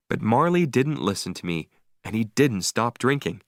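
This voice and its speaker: A man reading a story aloud slowly and clearly for English learners, with expressive delivery. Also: mid-range voice, no room sound, studio quality. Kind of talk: slow read-aloud story narration.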